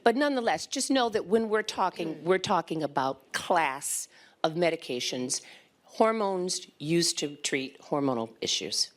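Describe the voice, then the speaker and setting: A woman's voice: fairly low pitch, expressive, measured pace. A woman physician opening a live panel on hormone therapy, talking in a conversational way with some fillers. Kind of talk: panel talk explaining medicine. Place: event stage before an audience.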